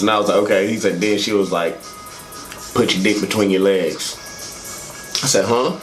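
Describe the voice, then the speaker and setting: A man doing stand-up, telling a crude story in a loose, animated way and voicing his friends' lines. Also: fairly low pitch, moderate pace, long pauses, roomy sound, faint music behind. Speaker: stand-up comedian.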